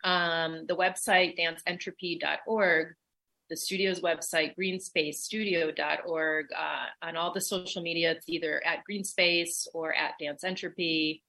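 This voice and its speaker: Bright-voiced woman, eager radio guest. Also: on the low side, steady tone, measured pace. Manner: enthusiastic and playful. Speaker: dance company director, guest. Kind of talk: casual radio interview.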